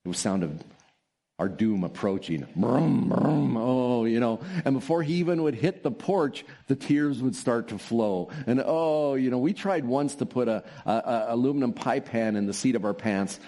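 A man preaching a sermon as pastor, telling stories with soft laughs and drawn-out emphasis. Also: mid-range voice, expressive.

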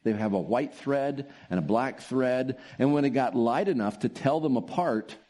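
A man preaching a sermon as pastor, telling stories with soft laughs and drawn-out emphasis. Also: medium pitch, animated.

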